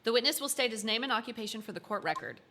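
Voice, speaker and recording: A woman's voice: a little high, animated, rapid-fire, background noise. A woman voicing a haughty young female prosecutor with a cold, cutting manner.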